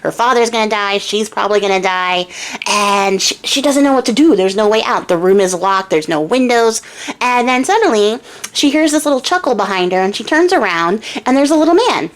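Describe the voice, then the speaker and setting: A woman's voice: mid-range voice, animated, a little fast. A young woman casually retelling a fairy tale for a craft channel, chatty and irreverent with lots of filler.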